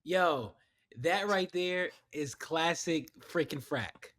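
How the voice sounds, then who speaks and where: A man co-hosting a podcast in casual chat, excitable and conversational. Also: on the high side, takes it slowly. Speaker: podcast co-host.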